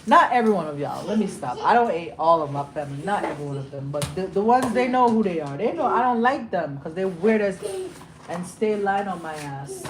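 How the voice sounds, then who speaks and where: A young woman hosting a livestream, ranting heatedly and with lots of profanity, repeating lines for emphasis and dropping from loud outbursts to low muttering. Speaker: livestream host. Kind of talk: emotional livestream rant. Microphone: phone or webcam on a livestream. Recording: steady background noise.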